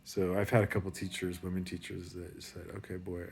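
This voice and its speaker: A man's voice: low-pitched, little pitch movement, fairly quick, creaky, darkish tone, a little hiss or hum. A man giving a rambling, profane pep talk in a casual monologue. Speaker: motivational speaker.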